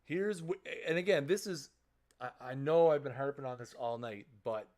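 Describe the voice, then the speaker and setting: Chatty man streaming a football game. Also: medium pitch. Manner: chatty and explanatory, repeating himself and restarting phrases. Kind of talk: casual live-stream commentary.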